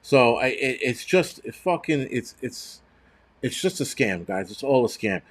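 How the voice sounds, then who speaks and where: Guy ranting on his stream, swears a lot, blunt, keeps restarting his sentences, mid-pitched voice. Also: lively intonation, a little slow, breathy edge. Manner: blunt, profane, rambling with restarts. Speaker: host. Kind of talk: casual livestream rant.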